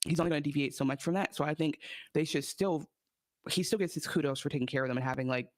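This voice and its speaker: A man's voice: a little high, quick pace, slight background noise. A man co-hosting a podcast, chatting casually about a TV episode in a rambling, enthusiastic way with many restarts. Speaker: podcast co-host. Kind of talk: casual TV recap chat.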